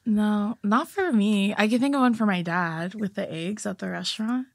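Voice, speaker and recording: A woman's voice: medium pitch, vocal fry, dry recording, studio quality. A young woman telling embarrassing stories on a podcast, laughing and acting out what people said. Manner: rapid, laughing anecdotes with acted-out quotes. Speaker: podcast guest co-host. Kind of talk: casual storytelling chat.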